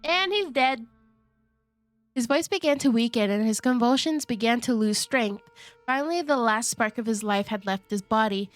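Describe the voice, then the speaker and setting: Soft music plays behind a woman streamer whose voice is on the high side, at a moderate pace. Keeping her voice down at night, she reads a game aloud with casual commentary, giggling into her hand, stumbling over words and breaking into playful asides.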